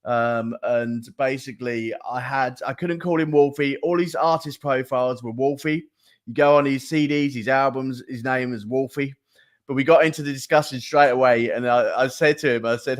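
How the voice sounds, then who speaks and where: A man's voice: medium pitch, moderate pace. A man hosting a live interview show, chatty and upbeat, laughing easily. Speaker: host.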